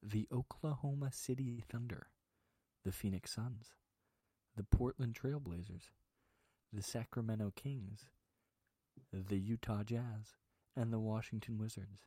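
A hushed, soothing male public-radio announcer, put on by a man. He reads in a soft, unhurried, lowish voice. The sound is dry and close. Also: no room sound. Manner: soft, slow, soothing delivery.

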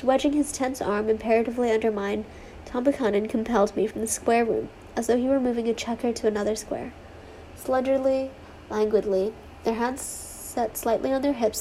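A woman reads a classic novel aloud in a fairly high voice. She marks dialogue with small rises instead of putting on separate characters. A faint hiss of noise sits under the recording. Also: a little mellow, poor audio. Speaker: reader. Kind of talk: audiobook-style reading of a novel.

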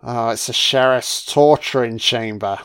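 Sardonic, slow-talking man. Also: mid-range voice, fairly bright tone, clear, resonant tone. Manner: sardonic, swearing, mocking asides. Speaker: film commentator. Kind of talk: profane film commentary.

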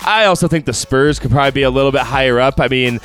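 A man's voice: medium pitch, a bit bright, clean tone, faint music behind. A man co-hosting a casual sports talk show, conversational and opinionated. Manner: conversational, opinionated, quick to laugh. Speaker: co-host.

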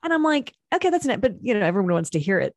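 A middle-aged woman chatting casually as a podcast guest, telling animated stories and acting out the voices of people she quotes. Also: mid-range voice, very fast, no echo. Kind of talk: casual conversational chat.

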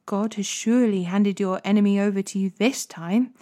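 A woman reading the hushed lines of an eager male soldier, Abishai. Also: medium pitch, fairly even intonation, moderate pace, close to an everyday voice. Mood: urgent whisper.

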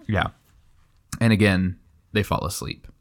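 A young man with a very low voice talks eagerly about a favorite book, rambling along with plenty of "like" and "you know." He keeps it loose and conversational with his co-host. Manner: enthusiastic, rambling, lots of fillers. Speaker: podcast co-host. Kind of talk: casual book discussion.

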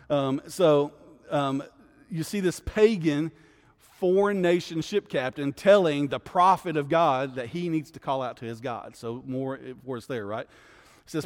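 A man's voice: on the high side, moderate pace. A man, a guest pastor teaching a Bible study in a conversational way, often checking in with his listeners. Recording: long hall reverb.

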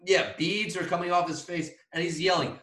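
A man's voice: high voice, normal speed, distant mic. Guy on a podcast rambling about sports, gets worked up, swears, echoey room. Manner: rambling, excitable, profane. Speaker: podcast co-host. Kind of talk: casual chat.

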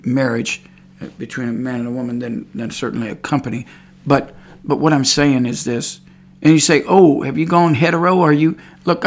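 Gravelly man preaching a rambling sermon. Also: mid-range voice. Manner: rambling, repeats words, grows fervent and cries out praise. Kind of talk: informal sermon.

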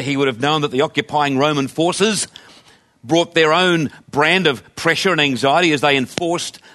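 A man's voice: fairly high pitch, a bit bright. Man preaching a conversational sermon. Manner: conversational, emphatic preaching with rhetorical questions. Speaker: pastor.

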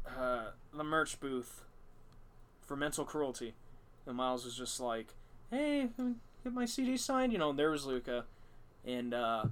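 A man's voice: medium pitch, sharp tone, clear, resonant tone. A man hosts a podcast in an easygoing storytelling chat. His delivery rambles, is full of fillers and restarts, and is peppered with profanity. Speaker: podcast host.

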